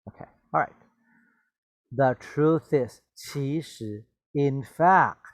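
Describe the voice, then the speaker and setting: A man with a mid-range voice speaks slowly in a dry recording. He's giving a bilingual vocabulary lesson, repeating and explaining English words, slipping into glosses, and checking in with "okay?" and "right?".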